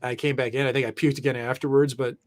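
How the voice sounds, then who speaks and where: A man's voice: mid-range voice, little pitch movement, fast. A middle-aged man, a former pro goalie, telling loose, profane stories in casual chat and laughing through them. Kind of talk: casual storytelling.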